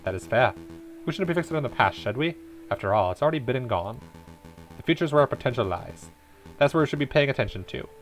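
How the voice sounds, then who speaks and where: A man voicing a smooth, scheming male fox investigator in a game, in a low, formal, suave manner. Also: lively intonation, fast talker, soft background music, lightly acted. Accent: put-on Spanish accent.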